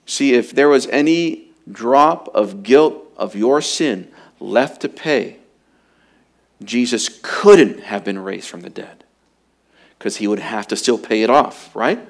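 Slow, emphatic male preacher. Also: medium pitch, animated, creaky. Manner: emphatic preaching, swinging between loud urgency and hushed quiet. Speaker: pastor. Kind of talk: sermon.

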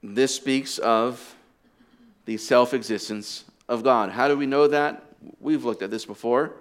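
A pastor preaching a sermon, explaining deliberately and dropping in casual asides to the congregation. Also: male voice, medium pitch. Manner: deliberate teaching with conversational asides.

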